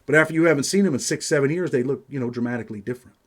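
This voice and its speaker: Here a streetwise New Yorker acting as host tells casual stories about himself, swearing freely and saying "man" a lot. He speaks in a mid-range voice at a racing pace.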